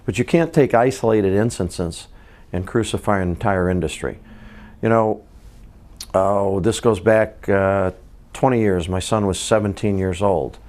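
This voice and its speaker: Earnest low-voiced man telling stories. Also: unhurried, a little mellow. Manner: earnest, storytelling with repeated restarts; rhetorical questions answered himself. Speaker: podcast host. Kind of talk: casual monologue.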